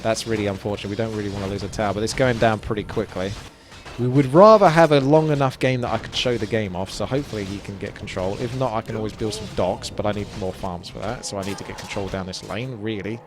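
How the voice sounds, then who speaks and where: A man's voice: on the low side, fast talker. A young man with a chatty manner, explaining strategy as he plays and commentates on a strategy game. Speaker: gameplay commentator. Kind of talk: casual gameplay commentary. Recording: game music underneath.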